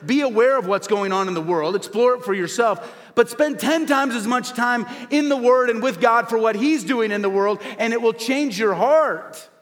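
A man with a fairly high voice preaches to his congregation, building emphatic refrains and calling for responses. His voice rings out with a long reverb from a church sanctuary. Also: normal speed, hardly any pauses. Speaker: pastor. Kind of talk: sermon. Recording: hall reverb.

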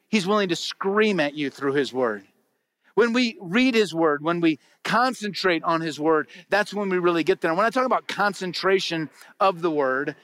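A man with a notably high voice delivers a sermon from the pulpit. He talks to the congregation in a conversational way, asking them questions and then answering them himself. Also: a bit bright. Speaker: pastor. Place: church before a congregation.

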